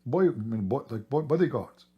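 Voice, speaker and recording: A hoarse man who is losing his voice talks in a rambling, emphatic way during a casual livestream, clearing his throat often. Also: medium pitch, lively intonation, fairly quick, highs cut off. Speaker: livestream host.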